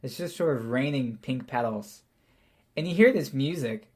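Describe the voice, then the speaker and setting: A man's voice: medium pitch, expressive, moderate pace, a little mellow. A man narrating as game master of a tabletop game, casual and rambling, laughing often.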